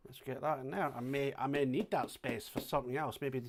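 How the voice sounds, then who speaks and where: A middle-aged Scottish man chatting casually on a home livestream, thinking aloud as he sorts banknotes, with sudden loud exclamations. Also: mid-range voice, fairly even intonation, brisk, vocal fry, noisy background. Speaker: coin and banknote collector livestreaming. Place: home flat indoors.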